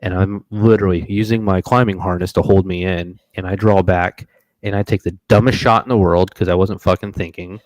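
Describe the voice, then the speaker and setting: Deep-voiced man telling a story. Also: brisk, dry recording, low-quality recording. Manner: animated, profane, acts out his own reactions. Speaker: podcast host telling a hunting story. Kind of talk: casual storytelling on a live stream.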